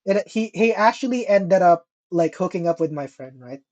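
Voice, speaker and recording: Male podcast co-host, lively storyteller who swears a lot and acts out his quotes. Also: high voice, moderate pace. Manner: animated, profane, mimics people in quotes. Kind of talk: casual storytelling chat.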